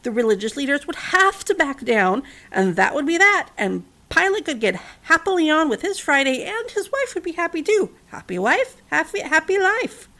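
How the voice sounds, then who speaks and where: A woman's voice: high-pitched, very animated, moderate pace, few pauses, pushed and bright. A woman casually retelling a Bible story, mixing narration with chatty, wry asides and fillers.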